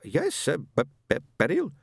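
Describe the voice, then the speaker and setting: A man's voice: a little high, huge pitch swings, unhurried, creaky, slightly rough, no echo, studio quality, pitched above the performer's own voice, full character voice. A man doing a stammering henpecked ghost. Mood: nervous. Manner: heavy stammer. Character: stammering henpecked dead husband, older man.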